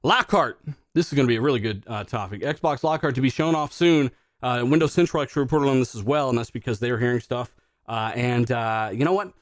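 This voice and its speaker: A man hosts a live gaming podcast at a quick clip. His voice sits at a middle pitch and sounds dry and close to the mic. He rambles casually, swears freely and fills his sentences with "uh" and "you know". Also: dry recording. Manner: loose, profane, rambling with fillers. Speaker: podcast host. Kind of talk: casual live-stream chat.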